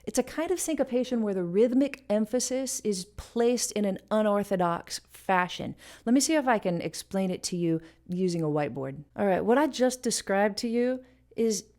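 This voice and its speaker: A woman's voice: medium pitch, lively intonation, normal speed, a little mellow. A woman hosting a casual music lesson, explaining rhythm and stopping to sing and beatbox short examples. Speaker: music teacher and channel host.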